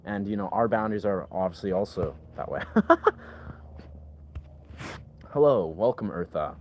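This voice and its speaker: A man with a somewhat low voice talks loosely on his livestream. He rambles, leans on filler words and answers his chat as he goes. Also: sing-song, normal speed, pauses often, a little mellow, a little hiss or hum.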